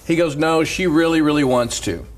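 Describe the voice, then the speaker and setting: A man who is a pastor, telling stories in an animated casual chat and laughing through them. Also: on the high side, normal speed.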